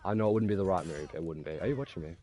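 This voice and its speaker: A man's voice: low-pitched, racing, dark tone. A young man with an Australian accent, ranting profanely and rambling while he plays a game. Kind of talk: casual rant while gaming.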